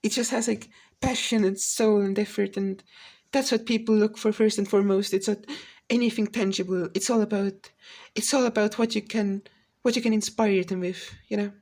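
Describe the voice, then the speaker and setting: A woman vlogger in a rambling monologue, ranting in a manic, fast-talking way and swearing heavily. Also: mid-range voice, steady tone, a little mellow.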